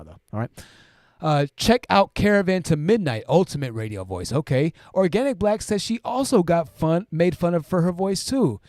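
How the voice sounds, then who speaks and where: A man with a fairly high speaking voice hosts a live stream, reading out viewer comments and riffing on them. He talks loosely and conversationally, checks in with "right?" and often restarts his sentences. The sound is close and dry, with no room around it. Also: a little mellow, dry recording. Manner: conversational, keeps asking "right?"; self-interrupting restarts, repeats phrases. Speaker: livestream host.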